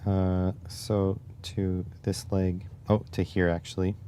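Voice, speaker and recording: Low-voiced wry Canadian streamer. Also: male voice, little pitch movement, takes it slowly, dark tone, a little hiss or hum. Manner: wry, rambling asides while working with his hands. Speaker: livestream host. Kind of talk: casual livestream chat.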